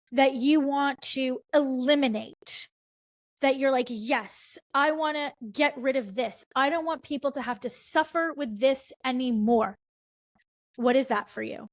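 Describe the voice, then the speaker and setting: High-voiced woman coaching in a dry, close recording. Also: no room sound. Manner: emphatic, repeats key phrases, asks the audience questions. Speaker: online business coach. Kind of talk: live online workshop teaching.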